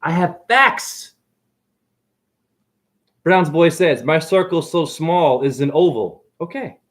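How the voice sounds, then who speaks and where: A man rambling excitedly and preachily through a livestream monologue from his apartment, jumping from idea to idea. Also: a little high, slow pace. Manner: excitable, preachy, jumps between ideas. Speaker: self-styled spiritual teacher.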